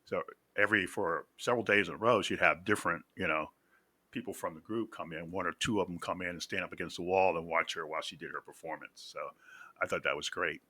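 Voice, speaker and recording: A man with a very bright, keen edge to his somewhat low voice hosts a casual reaction video. He talks in halting, stop-start phrases, searching for words as he tells a story. The sound is close and dry, with no room around it. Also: no echo. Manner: halting, pauses to find words; storyteller acting out quotes.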